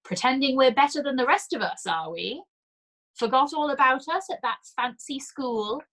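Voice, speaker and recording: A woman voicing a blunt, mocking old village woman who speaks loudly, briskly and with scorn. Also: medium pitch, big pitch swings, slightly rough. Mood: derisive.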